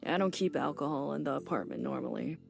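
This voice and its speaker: A woman voicing a reserved, level-headed adult protagonist in a visual novel read-aloud, calm, measured and a little dry. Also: low voice, vocal fry, soft background music.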